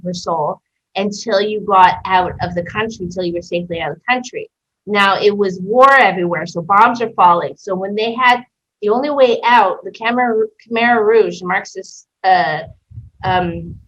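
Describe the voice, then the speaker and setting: A woman hosting a podcast, telling a personal story in an animated way and acting out the voices in it. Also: medium pitch. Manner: animated, acts out quoted dialogue. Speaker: podcast host. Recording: muffled lo-fi recording.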